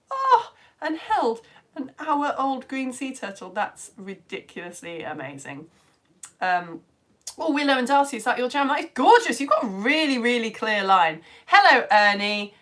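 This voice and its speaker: A woman's voice: a little high, sing-song, normal speed, fairly bright tone. A woman teaching a live online science lesson, chatting with viewers and reading out their comments in a bubbly, playful way, laughing often.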